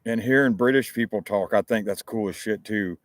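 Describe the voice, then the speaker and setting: A man's voice: on the low side, fairly quick, no room sound, clean studio sound. A man with a Southern American accent hosting a rambling, casual live talk show, chatting informally with frequent restarts. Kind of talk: casual live-stream chat. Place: outdoors, chilly.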